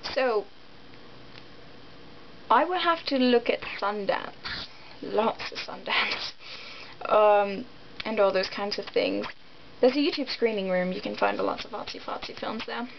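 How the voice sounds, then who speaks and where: A young American woman chats to camera in a rambling, giggly vlog packed with ums and likes. Her mid-range voice is gravelly, and the lo-fi recording sounds dull with faint noise.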